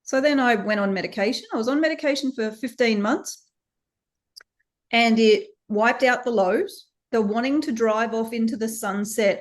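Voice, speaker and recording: A woman in her thirties with an Australian accent, a company founder giving a candid interview, animated and laughing often as she acts out the voices of others. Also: on the high side, moderate pace.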